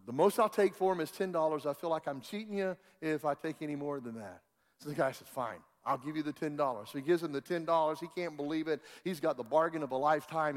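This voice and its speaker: A high-voiced male pastor preaches in a folksy, animated storytelling way, stumbling over restarts as he builds his point. His voice rings out with a long hall reverb around it, as in a church sanctuary. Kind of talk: sermon with storytelling.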